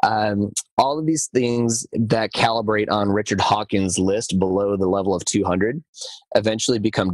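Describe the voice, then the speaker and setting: A man hosting a podcast, talking casually with many fillers and restarts, acting out quoted lines with lively shifts in his intonation. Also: fairly low pitch, no room sound. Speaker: podcast host.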